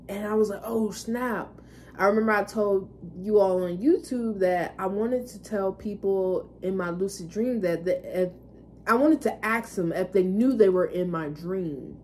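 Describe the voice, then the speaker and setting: A woman's voice: medium pitch, measured pace, darkish tone, a little hiss or hum. A woman vlogger casually recounting personal experiences in a candid, rambling way, cursing now and then. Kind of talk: casual storytelling monologue.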